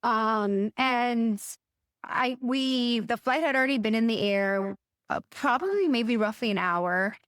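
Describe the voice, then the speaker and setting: A woman's voice: on the high side, a little slow, fairly bright tone, clean tone, dry recording, clean studio sound. A middle-aged woman co-hosting a podcast, telling a story in a casual, hesitant way with many restarts and fillers. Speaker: podcast co-host.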